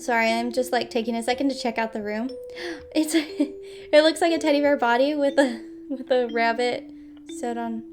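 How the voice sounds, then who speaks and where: A woman with a high voice reads a story game aloud and breaks off into chatty, giggly commentary. Her tone is relaxed and casual, like a streamer talking to viewers. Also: moderate pace, noisy background. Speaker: gaming streamer.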